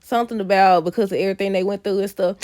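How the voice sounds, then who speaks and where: A woman recapping a soap opera episode in a casual vlog, animated and laughing often. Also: mid-range voice, very fast, no room sound, studio quality. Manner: animated, laughs often, addresses viewers as y'all.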